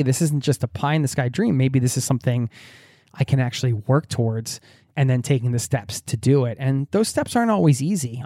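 A man talking through a podcast segment, earnest and encouraging, tripping over and repeating words as he goes. His voice sits at a middle pitch. The sound is dry and close, with no room echo. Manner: earnest, warm-hearted, many restarts and repeated words. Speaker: podcast host. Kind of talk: casual podcast monologue reading listener mail.

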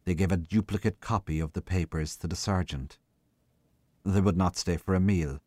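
Deep-voiced man reading a story. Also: steady tone, darkish tone, no echo. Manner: slow, measured storytelling. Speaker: reader. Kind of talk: literary reading.

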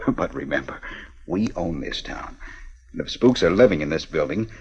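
A young husband, wry and reassuring, deep husky voice, 1950s radio play, dull lo-fi sound. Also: male voice, expressive, unhurried, darkish tone, heavily acted. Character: Ben, young husband, steady and joking. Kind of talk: 1950s radio drama acting. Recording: dull 1950 radio recording.

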